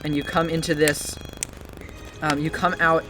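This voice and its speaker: A game master narrating a tabletop game in a rambling, halting way full of fillers. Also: medium pitch, little pitch movement. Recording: background noise.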